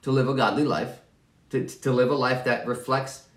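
A man's voice: medium pitch, fairly even intonation, moderate pace, echoey room, distant mic. A man preaching a sermon as pastor, conversational and self-deprecating, often restarting and stammering over his words.

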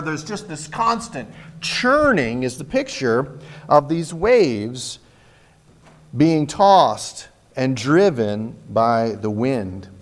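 Male pastor, mid-high voice, very expressive sermon delivery. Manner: animated storytelling, acts out frightened voices.

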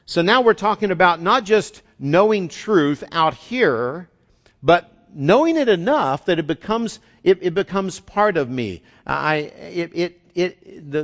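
A man's voice: a little high, a bit bright. A man preaching a sermon as a pastor in an earnest, conversational way, often restarting and repeating words. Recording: dull lo-fi recording.

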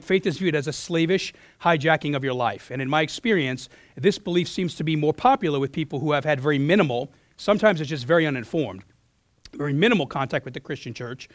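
A male pastor preaches an earnest sermon in a slightly high voice, hoarse as he fights a lost voice. He restarts phrases and clears his throat often. The recording sounds dry and close. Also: no room sound. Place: church.

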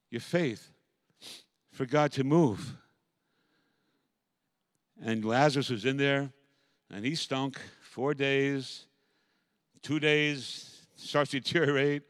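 A man preaching a sermon as pastor, moving from quiet, reflective passages to loud, impassioned calls. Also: medium pitch, dry recording.

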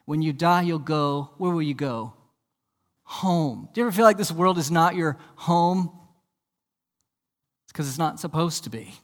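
A male pastor preaching a sermon, asking rhetorical questions and repeating words as he starts his sentences, swinging from soft and low to loud and emphatic. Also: measured pace, long pauses, in a large hall. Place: church.

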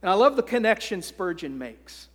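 A pastor preaching a sermon in an earnest, deliberate way. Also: male voice, high-pitched, sing-song, big-room sound.

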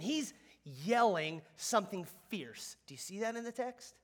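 A man preaching a sermon, animated and conversational, leading the congregation in call-and-response. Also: a little high, a little slow, husky. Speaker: pastor.

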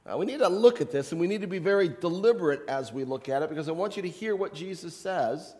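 A man's voice: sits high, animated, quick pace, darkish tone, big-room sound. A man, a pastor, preaching a sermon in a conversational way, with rhetorical questions and light humor.

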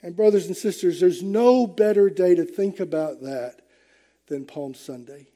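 Slow, mellow-voiced male preacher. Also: high voice. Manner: emphatic, rising and falling with the message. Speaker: pastor. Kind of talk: sermon.

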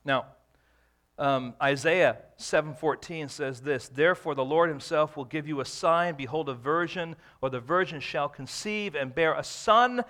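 A man's voice: fairly high pitch, unhurried, bright, forceful tone. A man preaching a sermon, explaining scripture verse by verse and stretching out key phrases for emphasis. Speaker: pastor.

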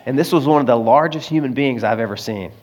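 A man's voice: mid-range voice, fast, darkish tone. A man from Arkansas, a pastor telling a story in a sermon in a folksy, self-mocking way and acting out the voices in it.

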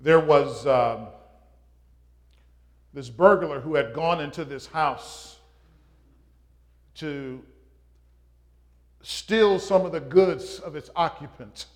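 A man preaching a sermon, opening with a joke, in a slow and halting delivery with frequent pauses and fillers. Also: on the high side. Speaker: pastor.

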